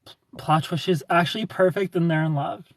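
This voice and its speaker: A man's voice: a little high, a little fast, gravelly, no echo. A young man hosting a livestream, chatting casually and rambling animatedly while he reads viewer comments. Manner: animated, rambling with repeated phrases and laughs. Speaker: livestream host.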